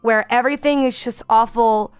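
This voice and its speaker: A young woman streamer chats candidly and expressively with her viewers. Her voice sits high and comes across smooth and clear, with soft background music playing underneath. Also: steady tone, normal speed. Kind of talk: casual chat.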